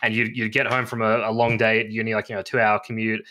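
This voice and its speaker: A man from Australia guesting on a gaming podcast, telling stories in a quick, animated way with restarts. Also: lowish voice, slight background noise. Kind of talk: casual podcast chat.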